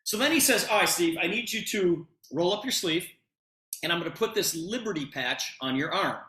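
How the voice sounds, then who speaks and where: A middle-aged man retelling a conversation to an audience with lots of expressive emphasis. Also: high voice, moderate pace, reverberant. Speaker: presenter telling a personal story. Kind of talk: animated storytelling to an audience.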